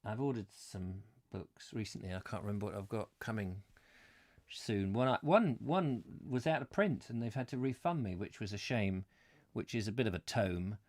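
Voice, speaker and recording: A man's voice: lowish voice, animated, normal speed, a little mellow. A man hosting a live stream from home, chatting casually and self-deprecatingly to his viewers.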